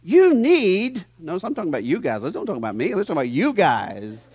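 A man preaching a sermon as pastor in a church, animated and teasing his congregation, swinging from hushed to loud. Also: sits high, fairly quick, hardly any pauses, slightly rough, no echo, studio quality. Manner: playful, teases the audience.

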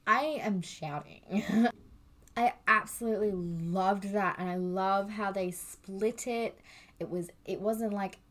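In a casual vlog, a young woman with a mid-range voice reacts to a music video, gushing and excitable. She keeps repeating herself and drops casual swear words.

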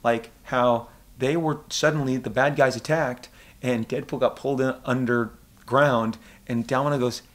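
A man in his forties, a comic book creator, talking excitedly in an interview and acting out quotes in funny voices. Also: medium pitch, unhurried. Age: 40s. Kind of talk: animated casual interview talk. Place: convention interview room.

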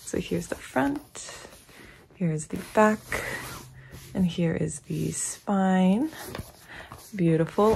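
A woman's voice: fairly low pitch, takes it slowly, gravelly, pauses often, warm tone, a little hiss or hum. Giggly young woman gushing over an unboxing. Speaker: unboxing vlogger. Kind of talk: casual unboxing commentary.

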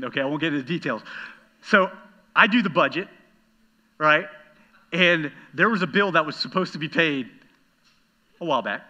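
Bright-voiced animated male pastor. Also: medium pitch, lo-fi sound. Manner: animated storytelling, talking straight to the congregation. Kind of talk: sermon.

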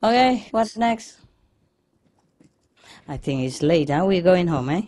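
A woman's voice: fairly low pitch, expressive, slow, a little mellow. Playful woman telling jokes. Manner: playful, teasing. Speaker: spiritual teacher. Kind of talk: casual chat and joke telling.

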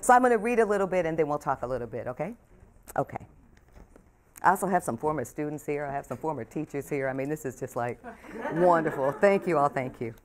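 Low-voiced older woman reading her memoir. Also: lively intonation, quick pace. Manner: warm, emotional, speaks softly and trails off. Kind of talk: author talk and book reading. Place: bookstore event room.

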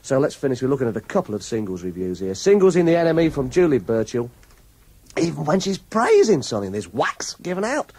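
A man's voice: medium pitch, big pitch swings, fast talker, a little mellow, husky. A man on a radio show, reading out reviews with gleeful mockery and frequent chuckles. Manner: gleeful, mocking, chuckles often. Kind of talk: chatty radio talk, reading reviews aloud. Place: radio studio.

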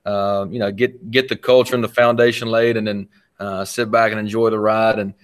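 A man's voice: on the low side, flat delivery, a little fast. A man hosting a podcast who chats casually and encourages his guest, recapping what was said before asking the next question. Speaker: podcast host. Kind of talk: casual interview chat.

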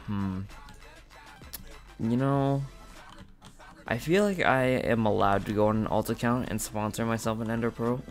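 A man giving casual, excitable gameplay commentary, talking directly to his viewers with frequent outbursts. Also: medium pitch, unhurried, long pauses, faint music behind. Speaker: gaming channel host.

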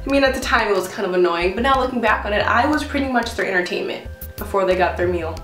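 A woman in her twenties, a vlogger, talking casually to camera in a bubbly, expressive way. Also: fast, soft background music. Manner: bubbly and expressive, swinging pitch.

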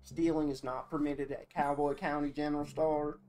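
A man's voice: fairly high pitch, flat delivery, moderate pace, a little mellow, slight background noise, close to an everyday voice. Man doing Wendy, twangy store clerk. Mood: polite, scripted. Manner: put-on country twang, formal customer-service phrasing. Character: chipper female general-store clerk, policy-obsessed. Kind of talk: voicing game dialogue aloud on a stream.

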